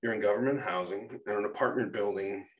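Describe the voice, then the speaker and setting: A man voicing a patient, caring woman who talks softly. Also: lowish voice, brisk, far from the mic, lo-fi sound, lightly acted. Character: calm, caring woman friend.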